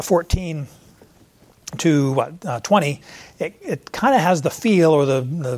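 A man preaching an expository sermon in a conversational way, pausing to search for verse numbers and now and then voicing imagined questions to a listener. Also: on the high side, darkish tone. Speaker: pastor.

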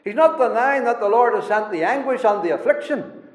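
A man preaching a sermon in an earnest, emphatic way, his phrases often falling soft at the end. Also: lively intonation, brisk. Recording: echoey hall, dull low-fi sound.

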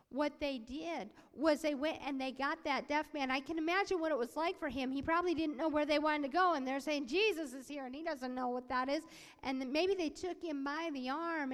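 Woman interpreting a sermon story, high voice, lots of acted voices, big echoey hall. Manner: animated, acts out quoted voices. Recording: long hall reverb.

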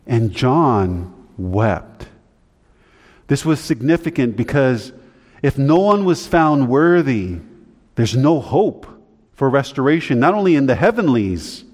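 A male pastor giving a conversational teaching sermon, his voice climbing higher when he stresses a point. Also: big pitch swings, slow, a little mellow. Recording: long hall reverb.

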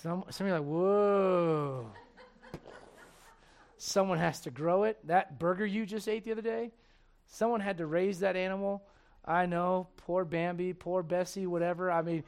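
A man preaching a sermon as pastor, animated and joking, acting out everyday voices. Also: high voice, moderate pace.

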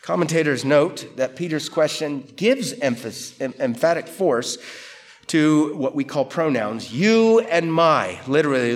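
A man's voice: mid-range voice, moderate pace. A man preaching through a Bible passage verse by verse, conversational and emphatic, often asking rhetorical questions. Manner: lively, emphatic delivery. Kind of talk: expository Bible teaching.

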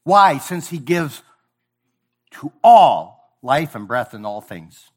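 A man preaching a sermon, emphatic and sometimes sarcastic, swinging from booming lines to hushed ones. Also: sing-song, slow pace. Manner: sarcastic mock praise.

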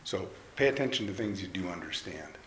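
A man's voice: deep voice, lively intonation, fairly quick, fairly bright tone. A man preaching a sermon to a live audience in a conversational way, asking them questions. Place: hall with an audience. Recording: roomy hall, faint noise.

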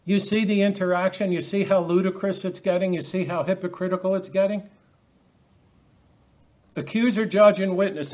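Emphatic middle-aged preacher, slightly high. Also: male voice, steady tone, normal speed, a little mellow. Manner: emphatic, many rhetorical questions. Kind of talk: sermon.

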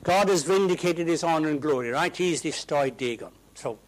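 A man preaching a sermon in a church, swinging from hushed asides to loud, ringing proclamations. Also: on the high side, normal speed, rough recording.

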